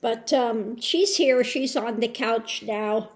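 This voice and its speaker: Woman host, unhurried, slightly high voice, rambling and soft, coos to pets at home. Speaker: spiritual tarot channel host. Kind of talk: casual home update.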